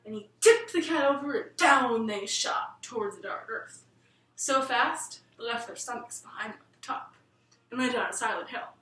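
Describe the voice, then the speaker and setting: A woman telling a bedtime story in a lilting, expressive manner. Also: fairly high pitch, moderate pace, distant mic. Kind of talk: storybook narration. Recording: roomy room, voice set back from the mic.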